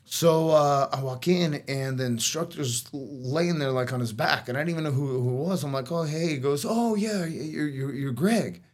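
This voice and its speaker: A middle-aged male guest tells stories in casual chat, speaking at normal speed in a medium-pitched voice with hardly any pauses. He rambles with lots of "like" and "you know," restarts his sentences, and coughs slightly now and then.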